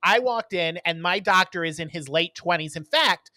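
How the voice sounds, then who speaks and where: A man co-hosting a podcast in casual chat, telling stories in an animated way and acting out what people said. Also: high voice, moderate pace, dry recording. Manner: animated storyteller who acts out quotes. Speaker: podcast co-host.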